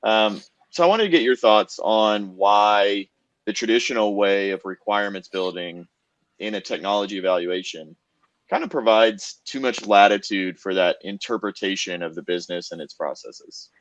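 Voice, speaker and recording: A man's voice: fairly low pitch, normal speed, dry recording. A man hosting a podcast, asking interview questions in a casual way with lots of "um" and "kind of". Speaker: podcast host. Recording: dull, dry sound.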